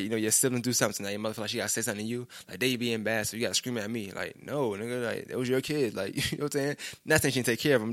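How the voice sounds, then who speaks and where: A man's voice: lowish voice, no room sound, clean studio sound. A young man, telling a personal story in a loose, rambling way and often saying "you know what I'm saying". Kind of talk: casual storytelling monologue.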